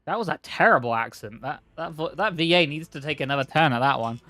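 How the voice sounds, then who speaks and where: A man's voice: fairly high pitch, lively intonation, fast, sharp tone. Chatty, swearing male game streamer. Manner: chatty, profane, thinks aloud. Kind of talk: casual gameplay commentary.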